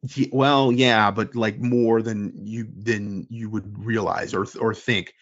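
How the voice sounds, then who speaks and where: Husky man rambling on a lo-fi podcast. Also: fairly low pitch, slow. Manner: rambling, animated, mimics fans in quoted voices. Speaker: podcast co-host and forum moderator. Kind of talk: casual sports podcast chat. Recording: dull lo-fi sound.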